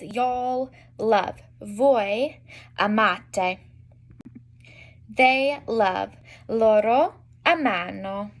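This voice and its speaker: A young woman teaching an online language lesson, spelling out examples slowly with frequent fillers. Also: on the high side. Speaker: Italian teacher.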